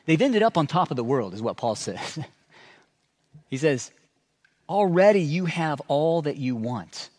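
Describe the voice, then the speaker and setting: A man's voice: fairly high pitch, takes it slowly, pauses often. A man preaching a sermon as a pastor, telling stories and acting out sarcastic asides. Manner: animated storytelling with sarcastic asides.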